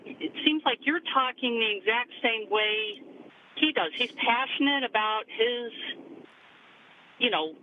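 A woman's voice: a little high, animated, a little hiss or hum. Woman calling in over a tinny phone line. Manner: conversational, halting, many fillers. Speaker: caller. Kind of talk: phone-in caller to talk radio.

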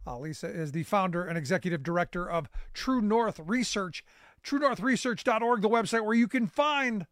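Guy hosting a talk show, pretty high voice, dry close sound, lots of uh and you know. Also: no room sound. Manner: conversational, many fillers and restarts. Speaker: radio talk show host. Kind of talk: political talk show chat; reading a history segment.

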